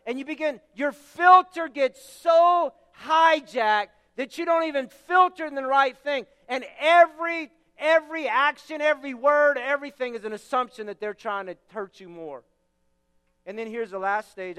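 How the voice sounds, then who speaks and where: A man pastor preaching a sermon emphatically, repeating words and shouting key phrases. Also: very high voice, long reverb tail.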